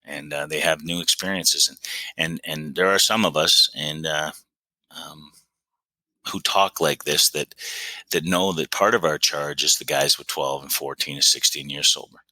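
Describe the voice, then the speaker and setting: A middle-aged man from Canada, a podcast guest telling recovery stories in an excitable, animated way. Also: rumbling low, normal speed, no room sound, low-quality recording. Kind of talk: recovery story conversation.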